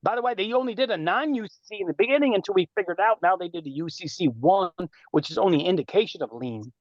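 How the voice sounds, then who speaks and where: A man speaking on a group call in a boastful, animated way with streetwise slang, lecturing and taking questions. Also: high voice, quick pace, dry recording, highs cut off. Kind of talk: casual lecture and Q&A.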